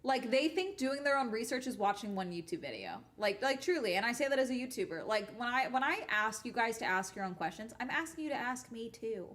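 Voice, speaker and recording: A woman's voice: a little high, lively intonation, fairly quick, few pauses, a bit bright. A young adult woman YouTuber chatting casually on a live stream while gaming, ranting bluntly and swearing often.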